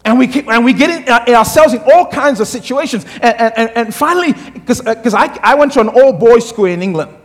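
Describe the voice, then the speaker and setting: Middle-aged African male pastor, very high voice, humorous storytelling sermon, long reverb of a church hall. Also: a little fast. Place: church sanctuary.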